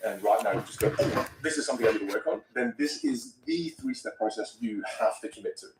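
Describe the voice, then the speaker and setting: A man talking as a vocal coach in a podcast conversation, animated and acting out example voices. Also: fairly low pitch, fast talker, echoey room, recorded from a distance, background noise.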